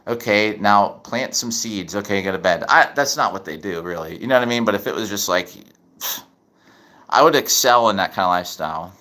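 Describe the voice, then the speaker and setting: Bright-voiced rambling man livestreaming. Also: lowish voice, expressive, fairly quick. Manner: rambling, restarts often, reads chat. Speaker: livestream host. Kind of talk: casual livestream chat.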